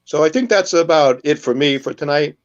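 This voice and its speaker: A man's voice: fairly high pitch, a little fast, lo-fi sound. A man co-hosting a web show, telling jokes and acting out the characters' lines. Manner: storyteller who acts out the characters' lines. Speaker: co-host.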